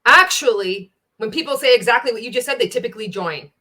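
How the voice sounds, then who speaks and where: A woman's voice: on the high side, animated, racing, fairly bright tone. Sarcastic woman reacting to a video. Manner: sarcastic, exasperated, swears. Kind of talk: casual commentary on a training video.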